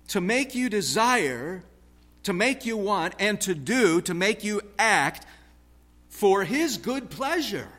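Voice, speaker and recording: Slow, emphatic male preacher. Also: high-pitched, sing-song. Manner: rhythmic preaching with wide swings from loud stress to hushed tones. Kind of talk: sermon.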